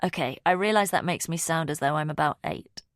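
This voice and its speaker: A woman's voice: deep voice, a little fast, no room sound, clean studio sound. A woman voicing a nervous but defensive young woman who calls herself a skeptic.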